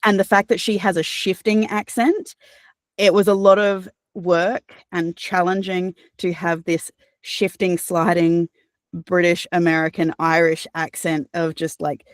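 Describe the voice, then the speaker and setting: An Australian woman, a voice actor and audiobook narrator, answering interview questions in a chatty, animated way with fillers and restarts. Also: on the low side, no room sound, clean studio sound.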